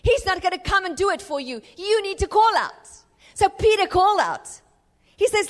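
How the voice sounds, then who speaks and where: A woman preaching to a church congregation, her high voice pressing hard and then falling quiet. The long reverb of a church hall trails after each line. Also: lively intonation, moderate pace. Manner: impassioned, rising to urgent exhortation and dropping to hushed tones. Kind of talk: sermon.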